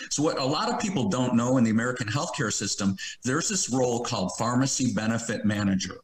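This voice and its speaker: A man's voice: medium pitch, lively intonation, a little fast. A man explaining the healthcare system through personal stories, conversational. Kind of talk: casual chat. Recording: roomy echo.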